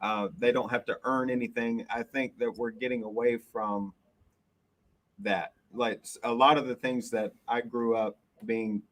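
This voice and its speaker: A man's voice: mid-range voice, level tone, measured pace, a bit bright, low-quality recording. A man, a guest on a live podcast, speaking earnestly about firm parenting.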